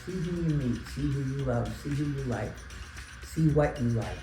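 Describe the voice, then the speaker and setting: A woman, a religious sister, giving reflective advice to young people, pausing to search for words. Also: rumbling low, animated. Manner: thoughtful, pauses to search for words. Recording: echoey room with music behind.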